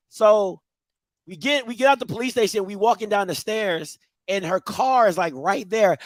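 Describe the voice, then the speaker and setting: A man's voice: high-pitched, lively intonation, normal speed, no room sound. A young man telling a childhood story on a talk show, acting out his younger self with screams and laughter. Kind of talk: animated storytelling.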